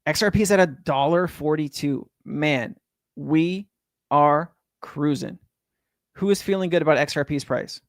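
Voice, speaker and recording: A man's voice: on the high side, a little slow, no room sound, clean studio sound. A man hosting a casual crypto livestream, rambling and chatty with lots of fillers and restarts.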